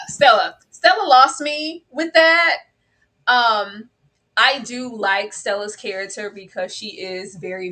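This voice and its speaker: A woman co-hosting a casual TV review, talking in an animated way and scolding the characters as if they could hear her. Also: medium pitch, low-quality recording. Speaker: co-host of a TV review show. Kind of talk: casual TV recap chat.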